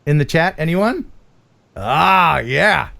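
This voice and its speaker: A man's voice: on the high side, lively intonation, takes it slowly, gravelly, sharp tone. A man hosting a casual livestream chat, joking and teasing his guest. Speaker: host.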